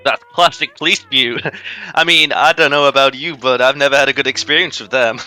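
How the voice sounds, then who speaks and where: A man playing a tabletop game, chatty and quick to laugh, often restarting his sentences. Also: mid-range voice, pushed and bright, clear, resonant tone. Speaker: player. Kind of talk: in-character tabletop chat.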